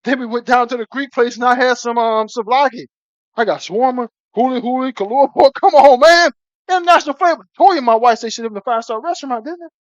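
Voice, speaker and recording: A man cooking on a live stream, talking excitedly to his viewers, calling them baby again and again and breaking into whoops. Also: very high-pitched, quick pace, dry recording. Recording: dull lo-fi stream audio.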